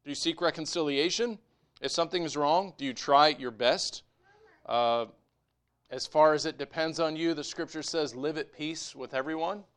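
A man preaching a sermon as pastor, moving between quiet conversational asides and raised, emphatic exhortation. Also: fairly high pitch, moderate pace, smooth.

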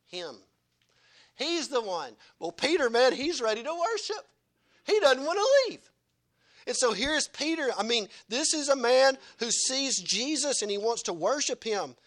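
Male preacher, sermon delivery, dramatic and expressive with sharp drops in volume. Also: moderate pace. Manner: dramatic, wide swings in pitch and loudness, acts out quotes.

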